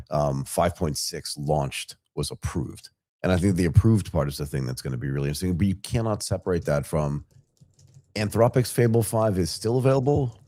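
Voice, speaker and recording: A man's voice: low voice, warm tone, no room sound, studio quality. A man co-hosting a live tech news podcast, talking casually and energetically with many fillers and restarts. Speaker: podcast co-host.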